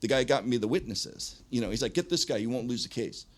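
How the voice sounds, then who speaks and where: A man's voice: mid-range voice, fast. A middle-aged man, a punk frontman guesting on a podcast, telling stories in a casual, profane way with frequent laughs. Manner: animated, profane, laughs often. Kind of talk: casual storytelling.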